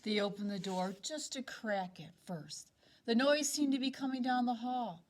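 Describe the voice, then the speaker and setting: Her pitch fairly high, a second-grade teacher reads a picture book to the children slowly, giving it an expressive, dramatic treatment.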